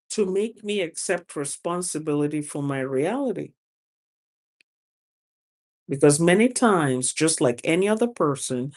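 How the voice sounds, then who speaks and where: A woman's voice: deep voice, a little mellow. A woman hosting a casual motivational talk, laughing often and repeating phrases for emphasis. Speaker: host, spiritual advice speaker.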